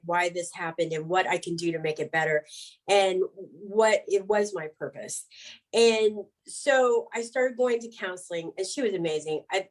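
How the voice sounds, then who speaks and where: A middle-aged woman, an interview guest, telling her story candidly, frank and animated, laughing between words. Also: lowish voice, rough recording.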